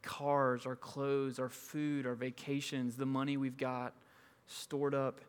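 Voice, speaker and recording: A man's voice: mid-range voice, little pitch movement, takes it slowly, clean tone, big-room sound. A man preaching a sermon in a conversational way, acting out the people in his stories. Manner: conversational, acts out quoted people. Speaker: pastor.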